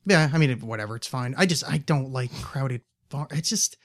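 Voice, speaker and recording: A man's voice: mid-range voice, fairly quick. A young man hosting a podcast, chatting casually in a rambling, sardonic way and swearing freely. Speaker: podcast host. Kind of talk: casual chat.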